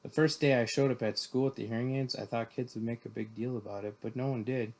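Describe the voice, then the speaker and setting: A man's voice: mid-range voice, steady tone, fast, darkish tone. A man reading a novel aloud in first person, plainly, with the odd slip and restart. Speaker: reader.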